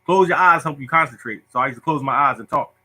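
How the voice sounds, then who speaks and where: Bright-voiced, joking male host. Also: medium pitch, fast talker, breathy edge, low-quality recording. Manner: animated, joking, self-mocking. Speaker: lottery show host. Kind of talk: casual storytelling to viewers.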